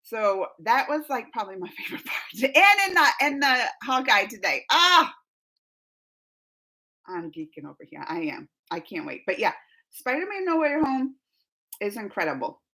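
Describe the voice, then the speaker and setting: A young woman hosting a live stream, chatting casually with viewers, reading comments and laughing often as she gushes with excitement. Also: a little high, normal speed.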